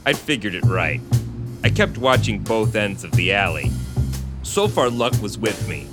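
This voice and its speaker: A man's voice: lowish voice, measured pace, creaky, over loud music. A man co-hosting a podcast who reads a story aloud and chats casually, laughing often. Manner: animated, laughs often while reading. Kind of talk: casual chat and story reading.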